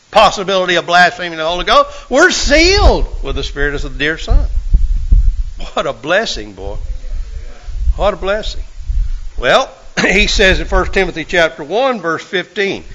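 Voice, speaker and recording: Animated preacher with folksy questions. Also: male voice, sits high, low-quality recording. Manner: folksy, rhetorical questions, swings from loud to hushed. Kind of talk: sermon.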